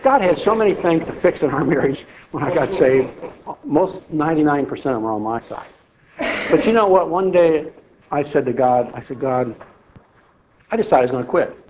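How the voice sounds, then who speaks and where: A man's voice: a little high, lively intonation, moderate pace, darkish tone, slight background noise. A middle-aged man preaching a folksy sermon, speaking to the congregation conversationally. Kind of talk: sermon with personal testimony. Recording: slightly dull lo-fi sound.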